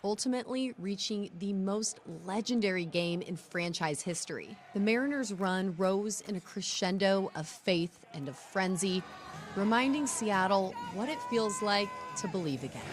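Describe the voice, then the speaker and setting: A woman's voice: medium pitch, lively intonation, moderate pace. A woman news reporter reading a scripted feature with an upbeat storytelling delivery.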